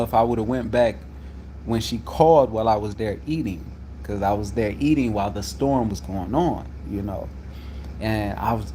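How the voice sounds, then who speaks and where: A man telling a story about a workplace conflict, getting loud when he acts out what was said. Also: medium pitch, a little hiss or hum. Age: adult. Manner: animated, loud when reenacting quotes. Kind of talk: casual storytelling to viewers.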